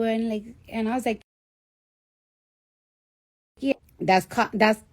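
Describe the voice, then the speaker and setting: A woman in her thirties with a fairly high voice, talking straight into her phone on a live stream. She tells her story in a loose, animated way, swears often and slips into the voices of the people she quotes. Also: slow pace, pauses often. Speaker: livestreamer. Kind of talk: casual storytelling livestream.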